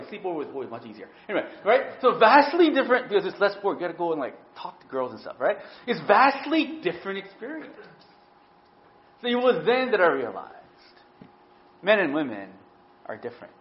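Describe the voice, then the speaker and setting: A middle-aged man preaching a sermon as pastor, telling stories animatedly and often asking "right?". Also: sits high. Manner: animated storytelling, frequent "right?" tag questions. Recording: dull lo-fi sound.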